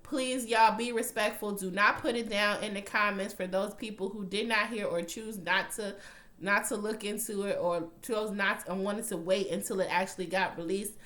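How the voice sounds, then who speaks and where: A young woman recaps a TV episode in casual, profane chat, her voice sitting at a middle pitch. She retells the scenes bluntly and slips into quoted lines as she goes. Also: moderate pace. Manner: profane, blunt, animated storytelling with acted-out quotes. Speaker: TV recap vlogger.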